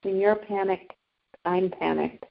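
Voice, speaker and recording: A woman with a gravelly edge to her voice talks through her feelings in a tapping session and echoes each phrase back. Her pitch sits in the middle. The sound is dull and lo-fi. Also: steady tone, a little slow. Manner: reflective, laughs lightly, repeats phrases back. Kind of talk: candid conversation.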